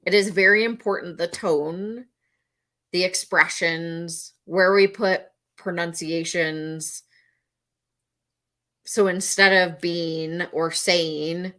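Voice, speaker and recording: A middle-aged woman gives a talk to the camera as a mental health educator. Her voice is bright and somewhat low-pitched. She speaks earnestly, leans on repetition, and now and then slips into a panicky voice to make a point. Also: steady tone, slow. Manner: earnest, repeats key phrases, acts out panicked voices.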